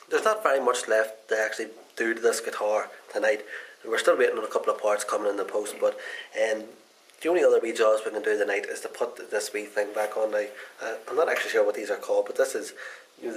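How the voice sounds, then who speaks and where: A man talks through a casual guitar repair demo in loose, rambling sentences. His voice sits a little on the low side, and his tone stays folksy and unhurried. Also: fairly even intonation, low-quality recording. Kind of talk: casual how-to demonstration.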